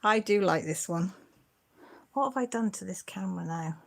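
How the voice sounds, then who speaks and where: A woman's voice: medium pitch, lively intonation, normal speed, vocal fry. A middle-aged woman, hosting a casual livestream and chatting and teasing as she answers viewer comments. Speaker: channel host.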